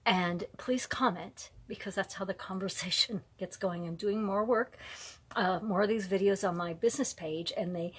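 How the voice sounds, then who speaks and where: A middle-aged woman hosting a casual live online talk, rambling and digressive, often drifting into soft, whispery asides. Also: mid-range voice, moderate pace, slightly rough.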